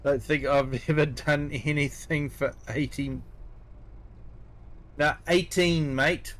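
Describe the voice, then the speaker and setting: A man's voice: mid-range voice, measured pace. A middle-aged man with a New Zealand accent, chatting casually with viewers on a game stream. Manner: relaxed, chatty, replies to viewers. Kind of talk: casual live-stream chat.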